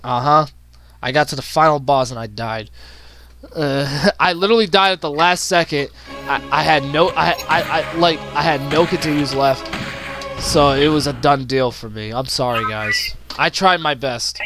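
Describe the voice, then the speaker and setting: A man streaming gameplay, talking casually through the game and shouting at it when it goes wrong. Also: on the high side, moderate pace. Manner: excitable, groans and shouts at the game. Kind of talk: live gameplay commentary. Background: loud game music.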